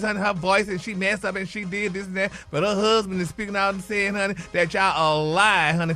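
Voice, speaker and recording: A man doing a sassy, over-the-top gossip figure for a radio comedy bit. The voice sits high and sounds bright and sharp. He drawls honey and y'all through every line as he dishes. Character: flamboyant gossiping man who dishes celebrity tea. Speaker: celebrity gossip segment regular.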